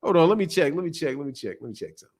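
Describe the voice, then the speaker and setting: Male live-stream host; loud, brash, profane delivery with frequent laughter; voice sits somewhat high. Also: very animated, racing. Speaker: boxing channel host. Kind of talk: casual live-stream rant.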